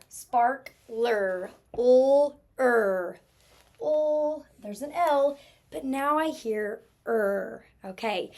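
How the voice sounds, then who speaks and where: A woman teaching a spelling lesson, who talks slowly and stretches out each sound while checking in with the class. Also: on the high side, a little mellow.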